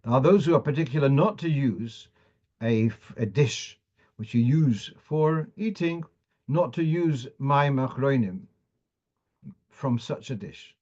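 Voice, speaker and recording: A man's voice: mid-range voice, lively intonation, unhurried, a little mellow. A man, a rabbi, giving a Torah law lecture, reading Hebrew and Aramaic sources aloud and explaining them in English with frequent restarts. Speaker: rabbi teaching a weekly Torah class. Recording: dull lo-fi sound.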